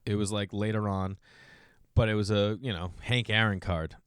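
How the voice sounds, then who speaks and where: Rambling storyteller man, low dry voice. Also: normal speed, smooth, no echo. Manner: rambling, self-deprecating, gets louder and higher when excited. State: clears throat often. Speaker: podcast host. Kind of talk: casual storytelling monologue.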